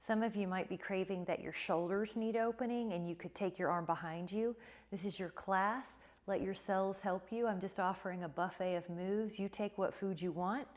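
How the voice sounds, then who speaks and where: A woman teaching a yoga class, giving calm, encouraging cues with repeated prompts to breathe. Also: medium pitch. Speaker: yoga instructor. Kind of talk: guided yoga class instruction.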